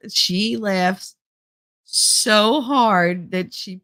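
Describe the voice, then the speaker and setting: A woman's voice: lowish voice, animated, slow pace, a bit bright, no echo, studio quality. A middle-aged woman from New Jersey with a New Jersey accent, chatting casually with her live chat, laughing often and swearing freely. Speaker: streamer reading chat.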